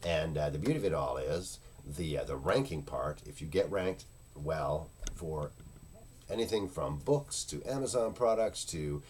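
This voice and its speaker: A man's voice: extremely low pitch, lively intonation, measured pace, darkish tone, a little hiss or hum. A man talking casually and unscripted in a product review video, rambling and searching for words with many fillers. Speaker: internet marketing product reviewer.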